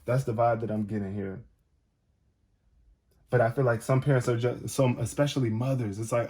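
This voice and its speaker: A man reading tarot cards in a loose, chatty way, talking straight to the viewer. His voice is mellow and warm, and he keeps leaning on "it's like" as he goes. His pitch sits in the middle range. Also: fairly quick, a little hiss or hum. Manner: casual, repeats "it's like", addresses the viewer directly. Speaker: tarot reader. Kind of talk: casual spoken tarot reading to camera.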